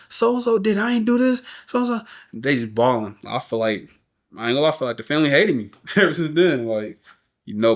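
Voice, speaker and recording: A middle-aged man, a podcast guest, telling an emotional story in slangy everyday talk, often saying "you know what I'm saying" and acting out the voices of people in it. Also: mid-range voice.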